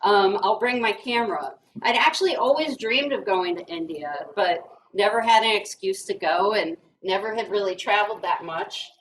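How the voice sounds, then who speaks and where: A woman's voice: mid-range voice, animated, normal speed, hardly any pauses. Joking woman speaker, off mic. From rural Kentucky. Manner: joking, self-deprecating storytelling. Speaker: guest speaker. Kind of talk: humorous presentation talk. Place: brewery event room, indoors. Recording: distant mic with faint noise.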